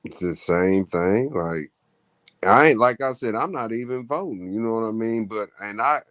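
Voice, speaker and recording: A man's voice: on the low side, expressive, moderate pace, a bit bright, dry recording. A man guest in a casual chat, rambling loosely and often asking "you know what I mean".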